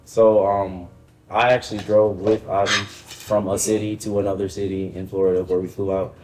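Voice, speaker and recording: A man's voice: lowish voice, little pitch movement, moderate pace, darkish tone, slight background noise, rough recording. A man co-hosting a podcast and chatting casually in a laid-back way. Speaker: podcast co-host. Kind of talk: casual chat.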